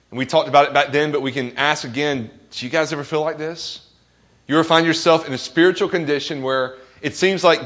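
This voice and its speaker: Man, pastor, sermon, earnest, slightly high voice, questions to the congregation. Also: fairly bright tone. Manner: quotes scripture with rising emphasis.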